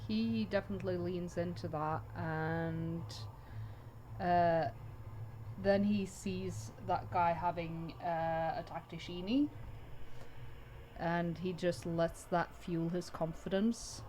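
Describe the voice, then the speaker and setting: Player, woman, slow-paced, faint ambience around. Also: fairly low pitch, fairly even intonation, darkish tone, slight background noise. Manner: slow and hesitant, many ums. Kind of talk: casual game table talk.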